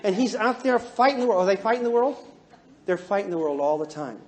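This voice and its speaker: A man counseling and teaching a live class in a joking, animated way, often asking the audience questions. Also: high-pitched, fairly quick. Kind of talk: humorous lecture to a live class.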